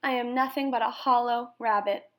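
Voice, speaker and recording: A weary china rabbit doll from a storybook speaks slowly and quietly, as a woman reader puts him on. He sounds proud but hurt. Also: fairly high pitch, steady tone, natural voice.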